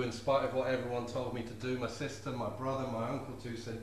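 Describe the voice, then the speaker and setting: A man's voice: mid-range voice, little pitch movement, fast, few pauses, far from the mic. Man performing comic verse. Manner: rhythmic, playful rhyming delivery. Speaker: poet. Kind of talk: live comic poetry performance. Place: live venue before an audience. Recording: echoey room with faint ambience.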